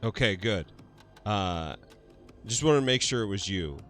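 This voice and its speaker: A man with a lowish voice hosts a laid-back livestream, chatting with viewers in an unhurried way. His pitch swings around a lot as he laughs and swears freely. Faint music plays behind him. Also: lively intonation, fairly bright tone. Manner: laughs often, swears freely, answers chat. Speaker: livestream host. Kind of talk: casual livestream chat.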